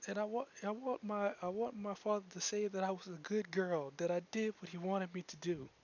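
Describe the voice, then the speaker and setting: A man's voice: high voice, dull audio, voice pushed up. A man voicing a young woman who cries and stammers as she tells what she wants from life. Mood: tearful, pleading. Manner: halting, stammering through tears. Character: weeping young woman, a killer's daughter.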